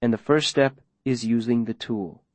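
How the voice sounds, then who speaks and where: A man doing a soft-spoken, controlling older mayor, audiobook reading, measured delivery, mid-pitched voice, dry close recording. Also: dry recording, close to an everyday voice. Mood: menacing calm. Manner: slow, measured, quietly commanding. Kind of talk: audiobook character voice.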